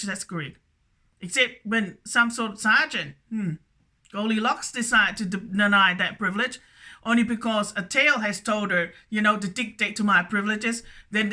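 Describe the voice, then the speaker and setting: Sharp in tone and a little high, a woman's voice carries a repetitive, stammering solo vlog. Again and again she finishes her statements with "that's correct."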